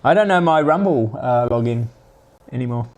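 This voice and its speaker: A man's voice: medium pitch, expressive. Rambling man streaming. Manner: rambling, halting, with many restarts. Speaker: live stream host. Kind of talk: casual chat answering viewers.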